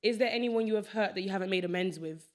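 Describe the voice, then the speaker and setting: Young woman podcast host, relaxed, asks questions, mid-pitched voice. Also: fast. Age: young adult. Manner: relaxed, asks questions, short agreeing replies. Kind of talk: casual chat.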